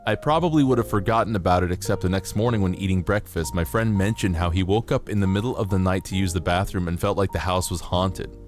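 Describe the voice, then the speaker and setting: Low-voiced joking male streamer. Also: quick pace, few pauses, soft background music. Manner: joking, playful, swears casually, laughs at himself. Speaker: livestreamer. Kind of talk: casual livestream chat, reading out stories.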